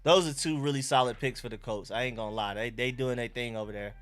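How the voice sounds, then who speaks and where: A man's voice: mid-range voice, fast, faint music behind. A young man with an Atlanta accent, hosting a casual live stream and reacting to chat and talking to his dog. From Georgia.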